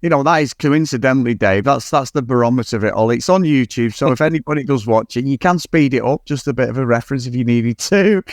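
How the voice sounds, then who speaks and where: A man's voice: medium pitch, quick pace, hardly any pauses, no echo, clean studio sound. A man co-hosting a podcast, chatting about a film in a rambling, sweary way and laughing often. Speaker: podcast co-host. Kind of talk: casual film review chat.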